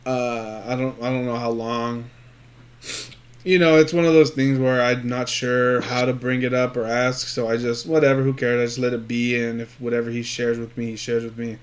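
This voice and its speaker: A man's voice: medium pitch, little pitch movement, moderate pace. A man telling a rambling story in casual chat, swearing a lot and acting out what people said. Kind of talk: casual chat between friends.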